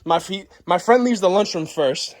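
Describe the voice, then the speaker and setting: A young man vlogger telling a story in a loud, profane, boisterous way, acting out the scenes as he goes. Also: high voice, moderate pace. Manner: boisterous, swears constantly, acts the story out.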